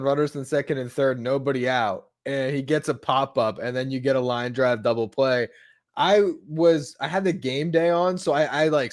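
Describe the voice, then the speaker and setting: A man co-hosting a sports podcast, breaking down a play in a casual, filler-heavy way. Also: a little high. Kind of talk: casual chat.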